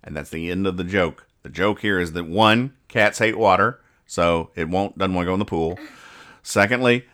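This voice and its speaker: A man's voice: deep voice, normal speed, a bit bright. A man hosting a casual podcast, reading comic strips aloud and explaining the jokes in a dry, mock-serious way. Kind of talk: casual chat.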